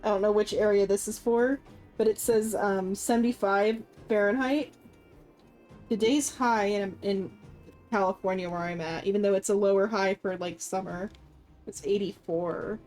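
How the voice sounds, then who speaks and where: A woman's voice: medium pitch, steady tone, normal speed, darkish tone, soft background music. A woman live-streaming a game, chatting casually with her viewers and rambling with lots of filler words.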